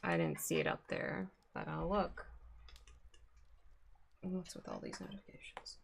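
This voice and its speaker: A woman's voice: fairly low pitch, wildly swooping pitch, measured pace, gravelly, long pauses, a little hiss or hum. A woman streaming live, chatting casually, swearing freely and scolding her cat.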